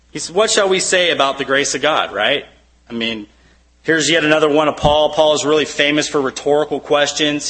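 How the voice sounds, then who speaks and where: A man preaching a sermon with a bright, forceful voice. His delivery is conversational and full of "you know" asides. He keeps asking rhetorical questions. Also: mid-range voice, rough recording. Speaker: pastor.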